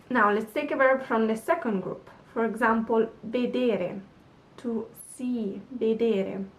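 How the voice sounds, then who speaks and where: Female teacher, slow and patient, slightly high voice, mic set back a little. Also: recorded from a distance. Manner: patient, slow drilling of verb forms. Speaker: language teacher. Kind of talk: online language lesson.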